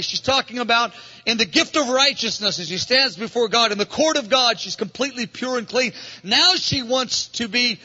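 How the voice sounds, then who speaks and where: A man's voice: high-pitched, normal speed, sharp tone, lo-fi sound. A man preaching a sermon in an earnest manner, acting out dialogue and repeating phrases, recorded in a large church hall. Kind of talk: sermon teaching.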